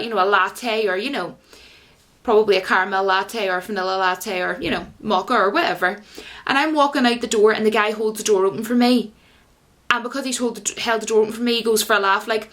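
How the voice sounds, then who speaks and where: A woman with a fairly high voice talks casually to her vlog audience. She rambles from point to point and keeps turning to her viewers with rhetorical questions. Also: a bit bright. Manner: addresses viewers as guys. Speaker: YouTuber.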